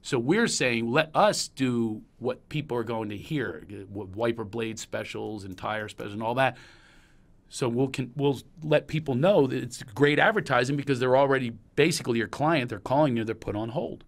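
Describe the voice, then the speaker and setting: A man's voice: medium pitch, normal speed. Rambling storyteller man, Pennsylvania accent. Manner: rambling and storytelling, animated when recalling anecdotes. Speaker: podcast host. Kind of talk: casual chat.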